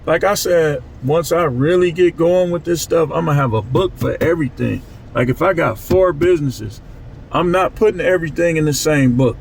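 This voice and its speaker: A man's voice: on the high side, moderate pace, creaky, darkish tone, a little hiss or hum, low-quality recording. A man talking casually to his channel in a loose, repetitive street-talk way. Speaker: channel host. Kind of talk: casual monologue vlog.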